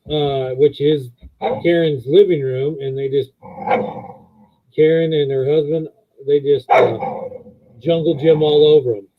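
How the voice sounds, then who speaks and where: Husky man chatting on a muffled live stream. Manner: rambling, talks in high baby voice to dogs. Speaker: livestream co-host. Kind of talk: casual live-stream chat. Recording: muffled phone-like audio.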